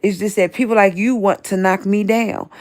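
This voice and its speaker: A woman's voice: medium pitch, steady tone, moderate pace. A woman, hosting a livestream and ranting confrontationally at people she names, repeating herself as she reads the chat. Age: 50s. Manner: confrontational, repetitive, addresses people directly. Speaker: livestream host. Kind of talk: livestream rant reading chat.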